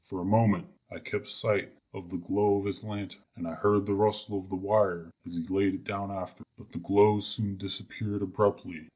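Deep, husky male horror narrator. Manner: grave, measured. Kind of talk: dramatic horror story reading.

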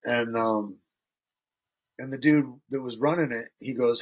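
This is a middle-aged man from Northern Michigan telling casual stories as a podcast guest, with plenty of profanity and impressions of whoever he's quoting. He speaks at a normal speed in a slightly rough, mid-range voice.

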